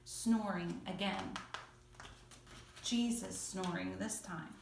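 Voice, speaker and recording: In a church, a woman tells children a Bible story in a playful, expressive way, heard from some distance in an echoey room. Her voice is a little high, she takes her time, and there's a slight hiss or hum.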